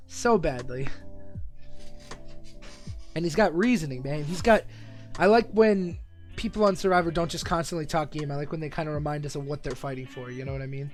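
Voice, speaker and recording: A young man streaming live reaction commentary, excitable and profane, rambling between bursts of laughter. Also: on the high side.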